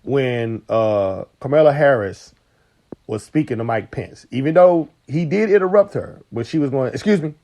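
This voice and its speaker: A man's voice: medium pitch, normal speed. A man co-hosting a podcast, arguing his point in casual debate with frequent laughter. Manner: lively, laughs often, argumentative. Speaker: podcast co-host.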